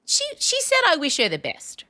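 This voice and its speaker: Woman podcast host, bright tone, animated, laughs often, casual chat. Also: high-pitched, moderate pace. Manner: animated, laughing, dramatic readings.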